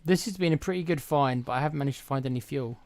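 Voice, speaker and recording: A man casually commenting on a video game as he plays, relaxed and blunt, muttering to himself. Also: medium pitch, quick pace, no room sound. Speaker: gaming streamer.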